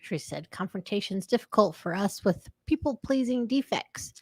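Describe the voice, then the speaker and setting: A woman co-hosting a recovery stream in casual chat, upbeat and playful, cheering people on with quick interjections. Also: mid-range voice, expressive, darkish tone, husky.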